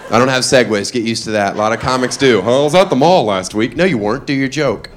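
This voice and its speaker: A man doing a stand-up comedy set, mostly deadpan one-liners broken by sudden loud shouted character voices. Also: medium pitch, fast talker. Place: comedy club stage before a live audience. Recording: live club recording with loud crowd.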